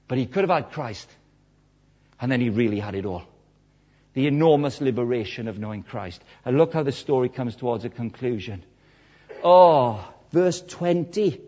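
A man preaching a sermon, telling a story with lively acted-out quotes and big swings in pitch and loudness. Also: normal speed. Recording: dull lo-fi sermon recording.

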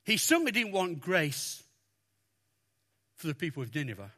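A man preaching a sermon, talking through a Bible passage with lots of expression and acting out the lines he quotes. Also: normal speed. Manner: expressive, animated, acts out quotes with raised pitch.

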